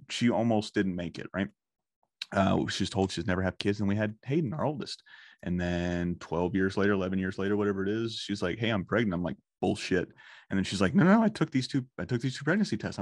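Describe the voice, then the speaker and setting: Podcast host, thirties, male; casual and profane, lively anecdotes, slightly low voice, dry recording. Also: fairly quick, no echo. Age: 30s. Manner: profane, animated storytelling. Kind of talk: casual chat.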